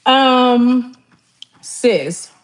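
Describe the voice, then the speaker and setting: Cooking on a casual livestream, this host tells family stories in a chatty way, laughing frequently and imitating relatives. Her voice sits on the high side and is expressive, and she talks extremely slowly.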